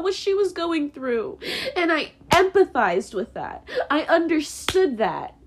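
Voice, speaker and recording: A woman's voice: high-pitched, big pitch swings, normal speed. A young woman on a podcast, venting in a raw, profane, repetitive way about her family. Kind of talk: emotional podcast monologue.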